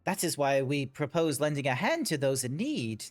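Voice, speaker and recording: A streamer reading a polite, formal adventurer's lines in a game, measured and courteous. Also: mid-range voice, very animated. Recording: background music under the voice.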